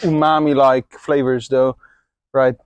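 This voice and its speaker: A man's voice: mid-range voice, flat delivery, unhurried, clean tone, no room sound. A man in a casual beer tasting chat, asking short questions.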